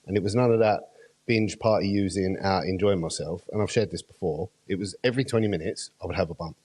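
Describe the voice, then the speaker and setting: Deep husky man. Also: quick pace, darkish tone. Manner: earnest, reflective, emphatic. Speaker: podcast host. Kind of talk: casual chat.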